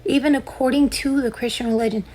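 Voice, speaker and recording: A woman's voice: high voice, steady tone, fast, warm tone. A young woman hosting a podcast, delivering a sarcastic, combative comedic rant straight at her listeners. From United States. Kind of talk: ranting comedic monologue.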